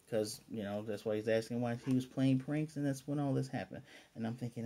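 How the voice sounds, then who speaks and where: A man casually reviewing an anime episode on his own channel, rambling enthusiastically and quoting characters in quick asides. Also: medium pitch, warm tone. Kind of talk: casual solo video review.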